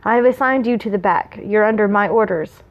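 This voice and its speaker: A woman's voice: mid-range voice, brisk, phone-quality sound, lightly acted. A woman reading aloud the curt commands of a stern male lord. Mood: cold.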